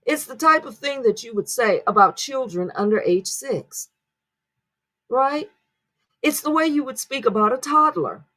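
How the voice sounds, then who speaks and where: Expressive and high-sitting, this woman's voice moves at a measured pace with a fairly bright tone. On her commentary channel she talks to viewers casually, leaning on rhetorical questions and frequent "right?" check-ins.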